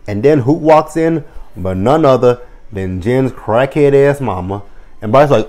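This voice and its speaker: A man's voice: medium pitch, lively intonation, measured pace, darkish tone. A man in his thirties casually recapping a TV episode, swearing freely and acting out the characters' lines. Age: 30s. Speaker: TV episode reviewer.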